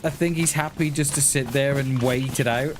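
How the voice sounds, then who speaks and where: A man's voice: a little high, background noise. A man chatting casually while live-streaming a survival game, thinking aloud with lots of restarts and little chuckles.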